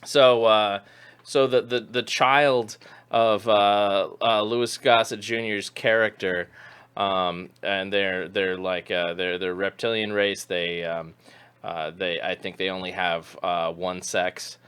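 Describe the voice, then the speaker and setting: A man's voice: sits low, steady tone, slow, a bit bright, clear, resonant tone. A middle-aged man co-hosting a live stream, chatting casually about old movies in a rambling, chuckling way. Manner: rambling, chuckling, self-correcting. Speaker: podcast co-host.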